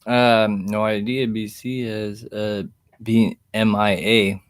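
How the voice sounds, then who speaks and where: A man speaks slowly in a clear, resonant, fairly low voice that stays mostly flat in pitch. Chatting casually on a livestream, he reads the chat, rambles easily, and often chuckles, all picked up by a webcam mic indoors.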